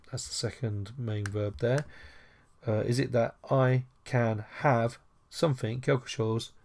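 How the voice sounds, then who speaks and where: A man explains a lesson at an unhurried pace, pausing often over fillers. His voice sits low, and he slips in playful, mock-formal asides as he goes. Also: vocal fry, darkish tone, slight background noise. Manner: chatty, jokey asides, frequent "uh" and "so". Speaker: language teacher. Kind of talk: screen-recorded language lesson.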